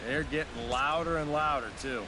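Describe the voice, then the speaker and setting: A man giving measured, conversational analysis in a baseball video game. His voice sits slightly high. A clear layer of noise runs behind him. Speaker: color commentator.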